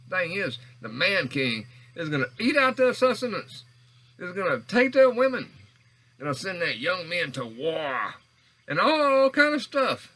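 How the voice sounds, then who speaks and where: A man rambles into a small recorder, losing his thread and restarting over and over. His voice sits high and bright, leaping up and down as he talks. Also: big pitch swings, unhurried, poor audio. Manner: meandering, stammering, frequent restarts and self-corrections. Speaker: vlogger. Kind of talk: rambling monologue. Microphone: handheld recorder.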